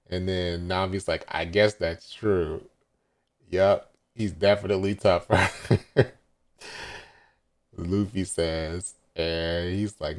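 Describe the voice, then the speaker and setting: A man's voice: deep voice, steady tone, slow pace, pauses often. A man hosting a casual live manga reaction, recapping scenes and quoting characters with laughs.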